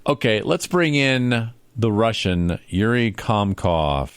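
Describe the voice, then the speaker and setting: A man's voice: lowish voice, expressive, slow pace, smooth, no room sound. A man from Indiana hosting a comedy radio show, playful and laughing as he leads the banter. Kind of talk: casual comedy radio chat.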